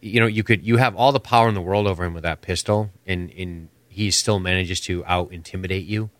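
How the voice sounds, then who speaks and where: Low-voiced man ranting casually. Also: fairly even intonation, a little fast, dry recording. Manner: opinionated, rambling, swears freely. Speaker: podcast co-host. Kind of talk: casual chat.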